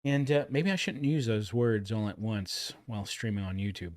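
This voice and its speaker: A man's voice: on the low side, animated, moderate pace. A man in his forties with a Texan accent, hosting a casual livestream and rambling as he reacts to old commercials. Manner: rambling, chatty, laughs at his own jokes.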